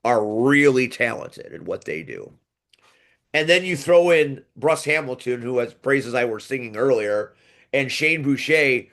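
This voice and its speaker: A man's voice: medium pitch, a bit bright. A man hosting a podcast, chatting casually and enthusiastically, rambling with restarts as he previews matches. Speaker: podcast host. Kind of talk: casual wrestling preview chat.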